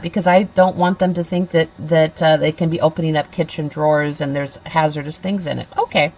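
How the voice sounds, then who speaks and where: A middle-aged woman giving a recorded college lecture in a conversational way, with fillers and restarts, sometimes acting out gentle words to a child. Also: lowish voice, fairly even intonation, moderate pace, low-quality recording. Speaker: college instructor.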